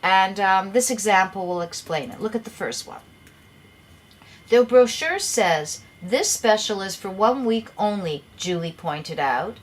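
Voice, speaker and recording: A woman's voice: medium pitch, a little slow. Middle-aged lady teaching english grammar, patient, repeats herself a bit. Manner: patient, repeats words while explaining. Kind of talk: explaining a grammar lesson.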